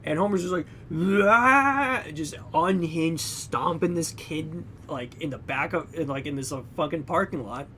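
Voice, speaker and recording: A young man co-hosting a podcast, casually retelling a movie plot with lots of "like" and "you know", acting out characters in loud, high bursts. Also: fairly even intonation, normal speed, hardly any pauses, slight background noise. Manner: heavy use of fillers like "like" and "you know". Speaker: podcast co-host. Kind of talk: casual film recap.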